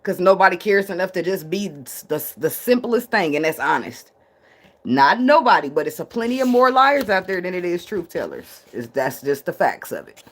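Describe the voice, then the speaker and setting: A woman's voice: on the low side, big pitch swings, moderate pace. A woman giving a casual tarot reading, blunt and profane, laughing often and drifting into tangents. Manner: rambling, talks herself into tangents. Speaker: tarot reader.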